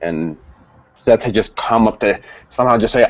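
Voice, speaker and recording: A man's voice: fairly low pitch, moderate pace, pauses often, dry recording, highs cut off. A man co-hosting a casual wrestling review, explaining and speculating about storylines. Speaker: co-host. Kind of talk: casual chat.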